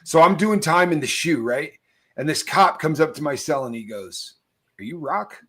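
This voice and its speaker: A middle-aged man who tells stories with lively energy and laughs through his sentences. His voice sits fairly high for a man, and he talks in loose slang as a show host. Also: normal speed. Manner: animated storyteller, laughs mid-sentence, slangy. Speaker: podcast host. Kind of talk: casual storytelling chat.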